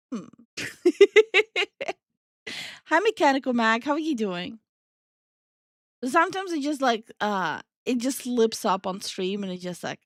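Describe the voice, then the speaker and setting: A woman's voice: a little high, expressive, slow, long pauses, no room sound, studio quality. A young woman streaming live, chatting casually with her viewers and reading their messages aloud. She is playful, laughs often and swears offhandedly. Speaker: streamer and VTuber host.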